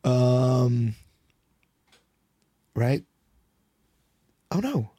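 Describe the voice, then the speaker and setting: A man co-hosting a podcast, chatting casually about songs with rambling restarts, swearing often, his voice hoarse and worn out. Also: mid-range voice, lively intonation, extremely slow, warm tone, dry recording, studio quality. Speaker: podcast co-host. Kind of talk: casual chat about music.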